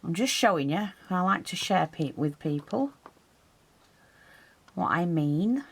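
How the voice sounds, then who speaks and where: A woman's voice: on the low side, animated, unhurried, creaky, slight background noise. A woman teaching a hands-on craft tutorial, chatting and explaining as she works, her breathing audible while she concentrates.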